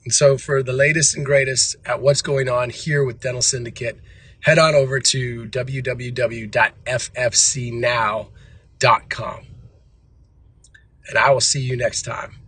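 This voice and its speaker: A man's voice: medium pitch, flat delivery, measured pace, fairly bright tone, slightly rough. A man hosting a motivational talk for dentists, speaking in an emphatic, repetitive, preachy way. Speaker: host of a motivational show for dentists. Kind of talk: motivational monologue.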